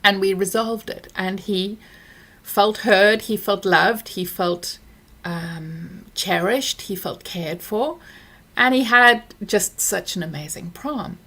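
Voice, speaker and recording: A middle-aged woman vlogger speaks candidly to camera, reflecting on parenting. Her voice jumps high when she replays heated exchanges. Recorded indoors on a close camera mic. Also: slow. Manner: candid, reflective, recounts dialogue with lively pitch swings. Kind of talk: casual chat to camera.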